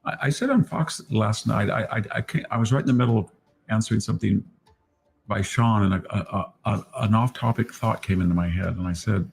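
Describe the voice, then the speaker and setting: Brief: male pundit, gravelly and husky, animated commentary with stammers. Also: fairly quick. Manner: animated, mimics opponents in high voices, stammers. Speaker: political commentator. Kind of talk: opinionated commentary.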